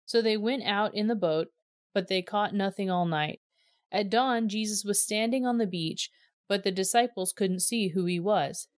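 A woman reading a Bible passage aloud in a clear, measured storytelling voice. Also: mid-range voice, no room sound, clean studio sound. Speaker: scripture reader.

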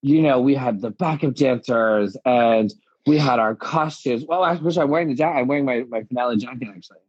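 A young adult man, a drag performer guest, telling his story with lively acted-out quotes and frequent laughs over a live video call. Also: mid-range voice, brisk, slightly rough, no echo. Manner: animated storytelling, acts out quotes, laughs often. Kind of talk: casual interview chat. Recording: dull lo-fi live-stream audio.

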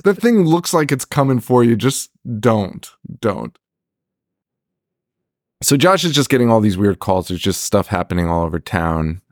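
A man's voice: medium pitch, fairly quick, few pauses, dry recording, studio quality. Profane ranting male podcast host. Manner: profane, ranting, laughs often. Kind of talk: casual movie review chat.

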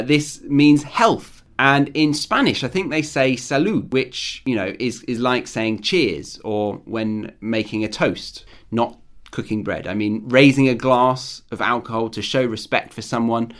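A man hosting an English vocabulary lesson, explaining words clearly with examples in a friendly, teacherly way. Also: mid-range voice, unhurried, fairly bright tone.

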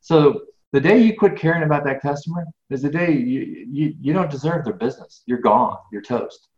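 A man's voice: a little high, moderate pace. A middle-aged man talks through his answers in a loose, earnest way, doubling back on words and getting heated when something annoys him. The sound is roomy and a little dull, like a lo-fi recording in an open space. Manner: earnest, rambling, repeats words, grows animated when ranting. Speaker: guest, business speaker. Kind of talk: casual interview answers.

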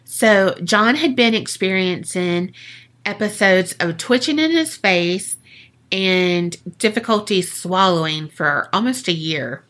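A woman hosts a podcast and tells a creepy tale in loose, profane, joking chat. Her voice is bright and forward, and she talks at an unhurried pace, scattering "like" through her sentences. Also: mid-range voice, animated. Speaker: podcast host. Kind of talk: casual storytelling chat.

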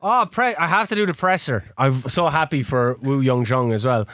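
Excitable Irish man, bright voice. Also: medium pitch, moderate pace, no echo, studio quality. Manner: loud outbursts, swears freely. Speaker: podcast co-host playing a football game. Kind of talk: excitable live gaming chat.

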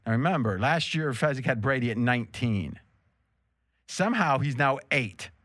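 Lively teasing male show host. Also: medium pitch, dry recording, studio quality. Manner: teasing, quick jokey ribbing. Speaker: sports betting show host. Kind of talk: casual studio banter.

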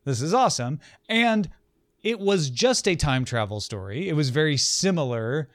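A man's voice: a little high, very animated, unhurried, no echo, clean studio sound. A man co-hosting a casual book discussion over a video call, eager and enthusiastic. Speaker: podcast co-host.

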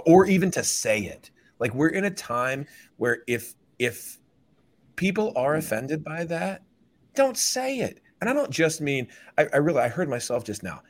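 A man hosting a casual sports podcast, thinking out loud and restarting his sentences. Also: medium pitch. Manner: rambling, stops and restarts to rethink. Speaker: podcast host.

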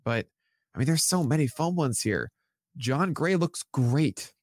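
A man co-hosting a podcast in casual, enthusiastic chat, his pitch swinging widely as he gets excited. The voice sits close and dry, with no room sound around it. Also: measured pace, dry recording. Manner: animated, enthusiastic, jokey. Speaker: podcast co-host, fantasy baseball analyst.

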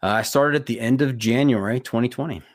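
Male podcast guest from Southern California, quick relaxed talker who clips word endings. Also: medium pitch, no echo, clean studio sound. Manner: relaxed, drops his g's. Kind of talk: casual interview answers.

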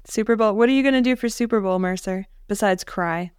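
A woman's voice: medium pitch, fairly quick, a little mellow, clean tone, dry recording, clean studio sound. A woman on a podcast who chimes in with short remarks and laughs often.

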